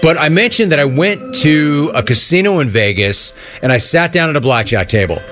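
A man's voice: fairly high pitch, expressive, moderate pace, a bit bright, soft background music. A man hosting sports talk radio, telling a rambling, jokey story and acting out the voices in it. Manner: rambling, jokey, acts out the voices in his stories.

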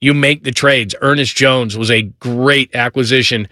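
A middle-aged man hosting a sports talk show, giving energetic casual commentary and rattling off lists of player names. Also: mid-range voice, unhurried, dry recording, clean studio sound.

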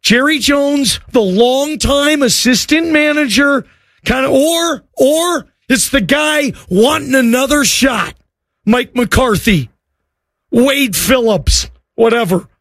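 A man's voice: very high voice, animated, slow pace, a bit bright, no echo, clean studio sound. A man hosting a sports talk show, arguing emphatically and often repeating words. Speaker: sports radio host. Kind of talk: sports talk radio rant.

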